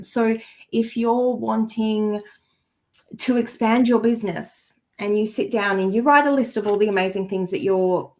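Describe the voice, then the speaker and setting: Woman, podcast co-host, earnest and heartfelt, coaching tone, self-correcting mid-sentence, mid-range voice. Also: mid-range voice. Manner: restarts sentences while searching for words. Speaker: co-host and energy healer. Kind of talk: casual podcast chat.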